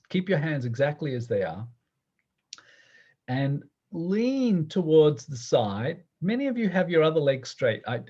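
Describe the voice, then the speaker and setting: Guy leading a movement lesson, husky-ish voice, bounces around in pitch, kinda muffled audio. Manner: gentle, playful instructions with frequent laughs. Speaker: movement teacher. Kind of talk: guided movement class.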